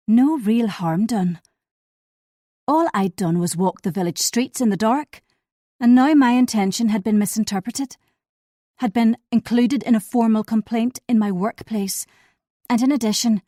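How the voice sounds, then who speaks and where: Mellow-toned woman narrating a thriller. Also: medium pitch, no room sound, clean studio sound. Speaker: audiobook narrator. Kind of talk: scripted first-person audiobook narration.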